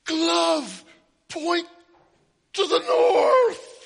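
A hammy church magician performs for a room of children, as a preacher puts him on. He calls out his commands in a high, drawn-out, theatrical voice. The sound carries a long hall reverb. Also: expressive, vocal fry, bright, forceful tone, exaggerated voice.

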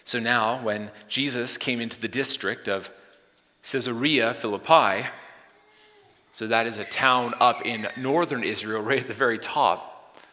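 A man preaching a sermon, swinging from loud exclamations to hushed whispers. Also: medium pitch, measured pace. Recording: long hall reverb.

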